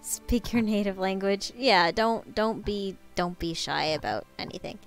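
Young woman streamer, casual and swearing, smooth clear voice, light music behind. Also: medium pitch, measured pace. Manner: swears often, bossy and teasing. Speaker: streamer hosting a party game. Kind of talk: casual live-stream chat.

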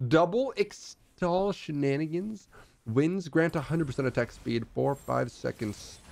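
A young man streaming a strategy game, giving casual commentary and often bursting into excited shouts. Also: fairly high pitch, measured pace, creaky.

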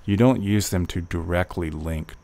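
Low, gravelly man tutoring test prep, reasoning aloud through questions on a screen-share. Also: darkish tone. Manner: thinks aloud, reads passages slowly then reasons with fillers.

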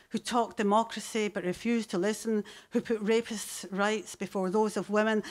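A woman poet performs on stage before a live audience. Her voice sits in a middle register, and her recitation is slow and deliberate. Every so often it breaks into sudden fierce bursts. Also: medium pitch. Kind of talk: poetry reading on stage.

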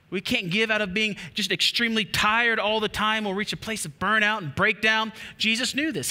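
A man preaching a sermon as a pastor, animated and repetitive, with playful asides to the congregation. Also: sits high. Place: church auditorium. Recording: long hall reverb.

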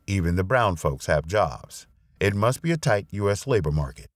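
A man reading a finance blog essay aloud as narrator, with an expressive, wry delivery on a close mic. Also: low voice, normal speed, dry recording.

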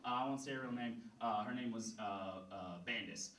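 A man's voice: fairly low pitch, normal speed, echoey room, far from the mic, heavy background noise. A young man telling rambling, self-deprecating stand-up stories, often laughing at his own jokes. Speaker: stand-up comedian. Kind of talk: stand-up storytelling. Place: comedy venue stage.

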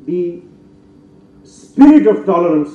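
An older man with an Indian English accent giving a formal public lecture, emphatic and rising to forceful rhetorical peaks. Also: high voice, sing-song, takes it slowly, a little hiss or hum. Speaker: guest lecturer. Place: lecture hall. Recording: distant, roomy, dull hall recording.

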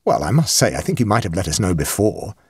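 A man voicing a skeptical young gentleman painter, brisk and questioning. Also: fairly low pitch, very animated, husky, dry recording, studio quality. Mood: impatient.

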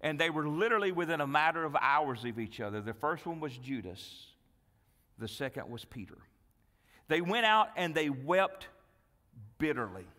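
A male pastor preaching a sermon, telling a Bible story with dramatic swings from loud, lively delivery to hushed, pleading tones. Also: on the high side, long reverb tail. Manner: dramatic storytelling, acting out Bible dialogue, dropping to hushed pleas. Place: church sanctuary.

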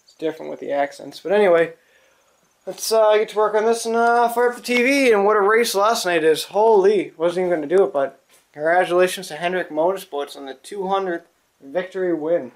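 A man's voice: sits high, a little fast. A man with a New England accent chatting casually in his garage workshop, rambling and swearing, with lots of fillers. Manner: rambling, profane, with many fillers. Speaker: small engine repair vlogger.

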